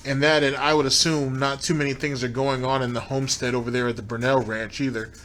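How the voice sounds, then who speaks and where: A man hosting a commentary show talks with sneering sarcasm and frequent laughs. His pitch sits in a middle range for a man. Faint background noise hums behind him. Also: level tone, fast talker, fairly bright tone. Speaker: commentary host. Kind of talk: sarcastic commentary on played clips.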